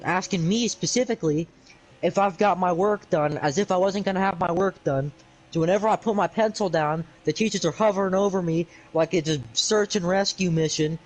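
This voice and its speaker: A man's voice: high-pitched, low-quality recording. A young man telling an exasperated, sarcastic, rambling story on a livestream. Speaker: streamer.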